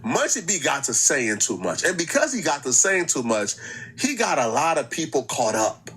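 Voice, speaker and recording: A young male host talks through clips in a mocking, storytelling way. His voice sits high and jumps up and down a lot. He is plainly enjoying poking fun. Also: sing-song, moderate pace, fairly bright tone, husky. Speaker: reaction channel host. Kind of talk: commentary on clips.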